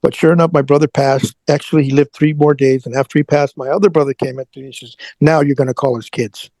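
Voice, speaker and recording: A middle-aged man, an interview guest, telling an emotional personal story in a halting way, often repeating words as he goes. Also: medium pitch, fairly even intonation, a little mellow, no echo, low-quality recording. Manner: halting, repeats words, prays aloud in retelling.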